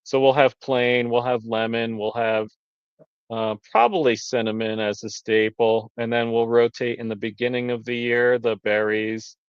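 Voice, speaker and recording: On a live stream via video call, this honey-selling beekeeper talks casually and thoroughly about what he offers. His medium-pitched voice is steady and smooth at a moderate pace with no room sound, while the stream audio is dull and lo-fi.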